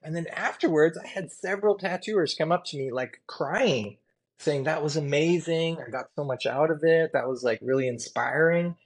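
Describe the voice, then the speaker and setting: A man's voice: on the high side, normal speed, slightly rough. A man, a tattoo artist guest, telling candid stories in a rambling, earnest way, full of "you know" and "like.". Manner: rambling, filler-heavy, earnest and emotional. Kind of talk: candid storytelling interview.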